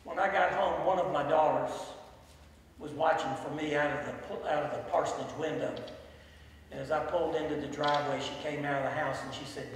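A man's voice: steady tone, fairly quick, a little hiss or hum. Echoey preacher man. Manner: storytelling preacher, swells loud and drops low. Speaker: pastor. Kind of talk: sermon. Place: large church sanctuary. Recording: echoey hall from far off, faint ambience.

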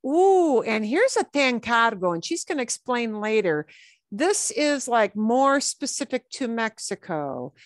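A woman teaching a Spanish class, explaining phrases slowly and checking in with the class. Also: fairly high pitch, big pitch swings, no room sound, clean studio sound. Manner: explains words slowly, with checks like "okay?" and "right?". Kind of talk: classroom explanation over a played lesson video.

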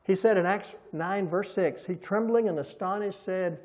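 A man preaching a folksy sermon, swelling loud and slow on scripture and dropping soft for homey asides, and leading the congregation in repeating lines. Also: high-pitched. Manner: folksy, chuckles at his own stories; leads the congregation in call-and-response. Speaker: pastor.

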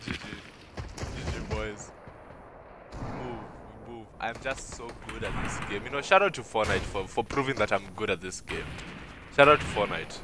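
Excitable male streamer yelling over gunfire. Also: fairly low pitch, moderate pace, background noise. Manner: excitable, yelling "what?" and trash talk. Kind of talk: live gaming stream commentary. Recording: loud game gunfire behind voice. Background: game gunfire and explosions.

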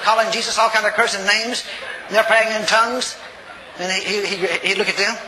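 An older man preaching a sermon, telling a story in a folksy, animated way and acting out the voices. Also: high-pitched, fairly quick. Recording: reverberant hall, faint noise.

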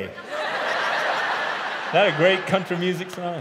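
A middle-aged pastor with a somewhat high voice delivers a sermon, chatty and quick to poke fun at himself. His words ring out with the long reverb of a large church sanctuary. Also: lively intonation, background noise. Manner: conversational, self-deprecating humor. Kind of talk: sermon with personal stories.

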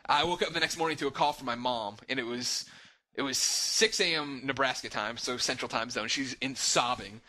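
A man's voice: medium pitch, normal speed, rough recording. A man co-hosting a podcast, telling a story casually and animatedly with lots of "like" fillers. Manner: animated, heavy use of "like"; acts out other people's lines. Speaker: podcast co-host.

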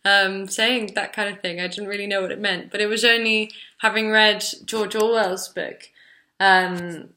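Young woman who grew up in france, talking thru her research project off the cuff, bright sharp voice, kinda searching for words. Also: mid-range voice, fairly even intonation, measured pace. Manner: thoughtful, searching for words as she explains. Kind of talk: unscripted spoken presentation.

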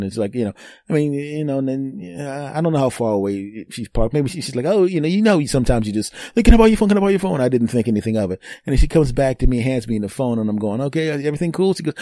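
Joking man with a mellow voice. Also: medium pitch, dry recording, studio quality. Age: 50s. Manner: boastful, joking, mimics voices. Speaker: podcast host. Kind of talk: storytelling monologue.

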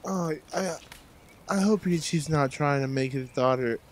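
An excitable young man reacts out loud, his fairly high voice jumping between shouted exclamations and muttered asides. He swears freely and talks to the viewer like a friend in casual commentary. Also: measured pace, slight background noise. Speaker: reaction video host.

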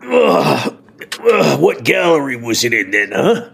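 Wounded vampire, gruff and raspy, grumbling through pain, as a man puts him on for a tabletop game. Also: mid-range voice, sing-song, measured pace, a bit bright, voice pushed up, full character voice. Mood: groaning. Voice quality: gravelly, raspy. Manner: groaning and grumbling, wry. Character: wounded, foul-mouthed male vampire in pain. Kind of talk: tabletop role-play voice.

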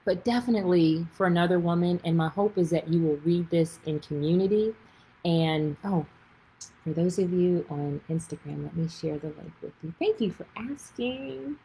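Brief: Texan woman author, husky tone, chatty and gushing, casual livestream talk. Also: fairly low pitch, poor audio. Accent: Texas. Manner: chatty and effusive, gushing with excitement. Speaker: author and faith speaker.

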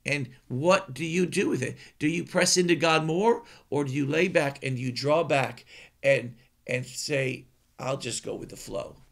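A man's voice: fairly high pitch, measured pace, creaky, a bit bright. A male preacher giving an earnest sermon, emphatic and often repeating words as he speaks.

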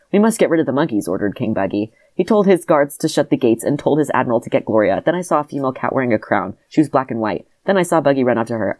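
A woman with an unusually deep voice reads her childhood adventure story aloud in a flat, dry delivery. She keeps breaking into laughter between lines. The sound is close and dry. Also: dry recording. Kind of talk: comedic read-aloud of old writing.

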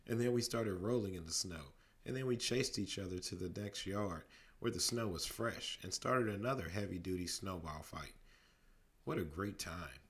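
A man reading a storybook aloud as a bedtime story, steady narration broken by lively voices for the characters. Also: sits low, moderate pace.

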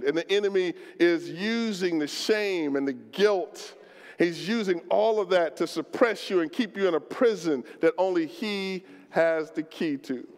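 High-voiced pastor preaching in a reverberant hall. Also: male voice. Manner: impassioned preaching, swings from shouting to low and slow; colloquial, acts out prayers in first person. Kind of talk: sermon. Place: church sanctuary. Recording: long reverb of a church hall.

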